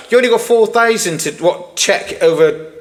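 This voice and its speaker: A man co-hosting a podcast, chiming in with quick indignant remarks. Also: high-pitched, a bit bright. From United Kingdom. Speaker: podcast co-host. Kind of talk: casual political chat.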